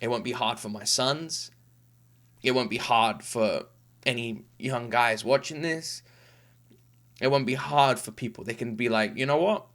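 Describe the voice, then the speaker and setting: Slightly slow and pausing often, a man in his thirties speaks in a mid-range, somewhat bright voice while hosting a reaction video. Still tearful after crying, he offers a heartfelt, earnest, rambling casual monologue full of restarts.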